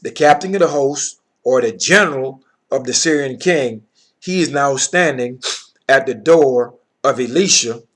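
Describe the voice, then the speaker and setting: A man with a mid-range voice teaches from the Bible, reading verses aloud and then explaining them plainly. He frequently checks in with his listeners.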